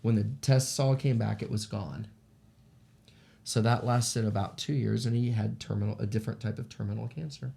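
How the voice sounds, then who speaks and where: A middle-aged man, telling a personal story in a casual, animated way. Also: fairly low pitch, moderate pace, vocal fry. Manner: animated, acts out the voices of people in his stories. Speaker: shaman sharing paranormal stories.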